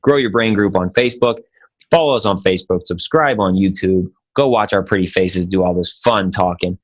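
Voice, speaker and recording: A man hosting a podcast with his buddy, his voice sitting low. He talks casually and tells a joke in a loose, laid-back way. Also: brisk. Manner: joking, laid-back storyteller. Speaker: podcast co-host.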